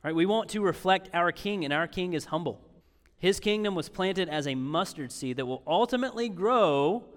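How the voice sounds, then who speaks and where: A man's voice: high-pitched, expressive, moderate pace, big-room sound. A man preaching a sermon as pastor, conversational and emphatic, repeating key phrases and slipping in sarcastic asides.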